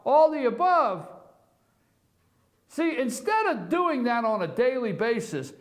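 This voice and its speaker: A man hosting a live online morning show from an office, delivering opinion commentary with emphatic, repeated rhetorical questions. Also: very high-pitched.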